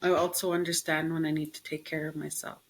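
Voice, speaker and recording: Lively middle-aged woman telling stories. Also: low voice, fast talker, slightly rough, poor audio. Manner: animated storytelling, acts out her own quotes; frequent fillers, laughs easily. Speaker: podcast guest. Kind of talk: casual interview chat.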